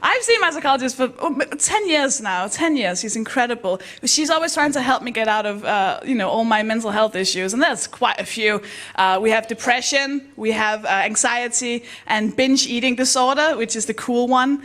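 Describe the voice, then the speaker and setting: A woman performing a stand-up comedy set in a deadpan, self-mocking way, then introducing the next act. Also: normal speed. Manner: deadpan self-mocking, with bursts of high excited voices for quoted people.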